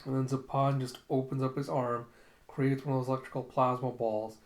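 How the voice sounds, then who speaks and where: A man retells a comic chapter by chapter in an animated, casual way. His voice sits at an ordinary pitch for a man. The recording has a roomy echo. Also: brisk. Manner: animated retelling, lots of "and she's like". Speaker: comic reviewer.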